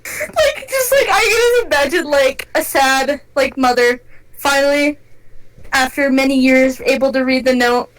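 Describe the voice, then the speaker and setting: A woman's voice: sits high, animated, moderate pace, a little hiss or hum, rough recording. A woman co-hosting a podcast in casual chat, giggling often and reading rhyme lyrics aloud. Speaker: podcast co-host.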